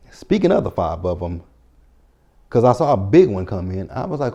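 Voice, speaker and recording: A man with a lowish, mellow voice runs through a TV episode recap in a loose, chatty way. He tells it with lots of profanity and acts out his own reactions to each scene. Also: normal speed. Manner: animated, profane storytelling with quoted reactions. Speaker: TV recap reviewer. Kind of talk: casual spoken recap.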